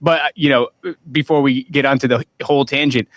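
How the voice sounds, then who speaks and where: A man talks loosely in a podcast chat, slangy and easygoing, dropping a "dude" now and then. His voice is at an everyday middle pitch. The recording is dry, with no room echo. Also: fairly even intonation, brisk, fairly bright tone. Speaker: podcast guest.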